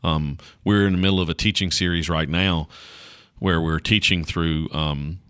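A man with a low voice and a rural North Carolina accent speaks as a pastor in a relaxed interview. His delivery is folksy and earnest, bright and forceful in tone, and he often restarts his sentences. The recording is close and dry. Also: moderate pace, clean tone, no room sound. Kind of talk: casual conversational interview.

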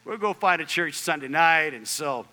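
A man in his fifties preaches a sermon in a strikingly bright, sharp voice. He tells his story with animated swings between loud outbursts and hushed near-whispers, tossing jokey asides to the congregation. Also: fairly high pitch, moderate pace, low-quality recording. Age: 50s. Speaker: pastor.

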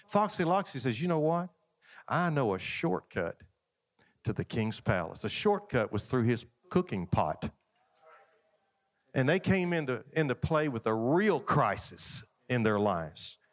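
Male pastor, folksy storyteller, voice on the higher side. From Southern United States. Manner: folksy storytelling, swings between loud and hushed. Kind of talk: sermon.

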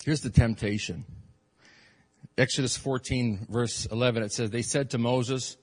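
A man's voice: medium pitch, fairly even intonation, measured pace, darkish tone, long reverb tail. A middle-aged male pastor preaching a sermon in a church, earnest and emphatic, repeating his phrases for stress. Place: church sanctuary.

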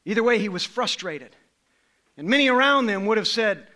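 A man preaches with a very high, bright and forceful voice. He swings between hushed, low passages and loud, soaring ones, driving his sermon with passion. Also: animated, moderate pace.

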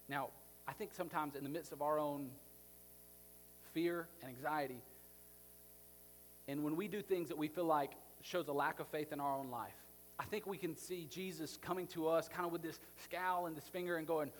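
A man, a pastor, preaching a sermon in a conversational, animated way, acting out the scenes he describes. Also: on the high side, moderate pace, a little hiss or hum.

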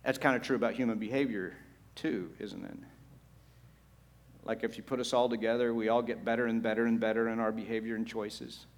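A man pastor preaching a sermon, swinging between quiet, low passages and loud, emphatic ones, with rhetorical questions to the congregation. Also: fairly even intonation, brisk.

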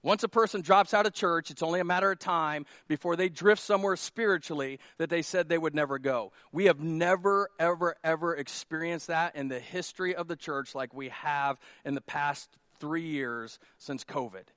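Man, pastor, sermon, high voice, casual joking delivery, emphatic repetition, dry close sound. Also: normal speed, few pauses, fairly bright tone, dry recording. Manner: conversational preaching with jokes, rising to emphatic repeated lines. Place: church sanctuary.

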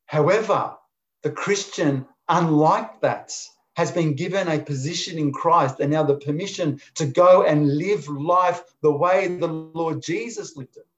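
A man preaching a sermon, emphatic and deliberate, driving points home with repetition. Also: fairly high pitch, muffled recording, soft background music. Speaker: pastor.

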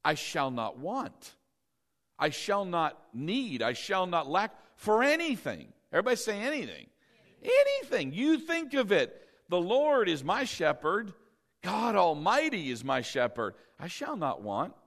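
High, lively-voiced preaching pastor. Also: male voice, unhurried. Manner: call-and-response preaching, swinging between loud and soft. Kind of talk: sermon.

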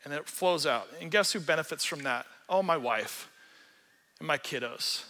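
High, bright-voiced man preaching a sermon. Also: moderate pace, long reverb tail. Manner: animated, earnest storytelling with acted-out quotes. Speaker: pastor.

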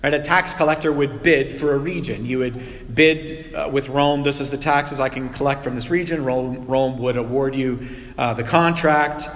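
A man preaching a sermon in a lively, conversational way, breaking into acted outbursts. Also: mid-range voice, moderate pace. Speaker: pastor. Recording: echoey hall with long reverb.

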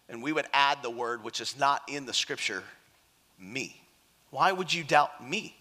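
A man preaching a sermon in a lively, conversational way, acting out the quotes he tells. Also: fairly high pitch. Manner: animated, conversational, acts out quotes. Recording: hall reverb.

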